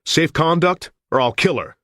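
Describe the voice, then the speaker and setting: A man's voice: a little high, normal speed, sharp tone, dry recording, studio quality, voice pushed up. A man doing a wounded, snarling fugitive. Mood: threatening. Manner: hard, threatening and terse. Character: wounded desperate male fugitive on the run.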